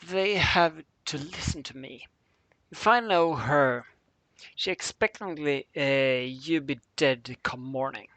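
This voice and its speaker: A man voicing a calm, stern female pony agent in a fan fiction reading, flat and matter-of-fact. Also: on the high side, slow pace, no room sound. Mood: grave.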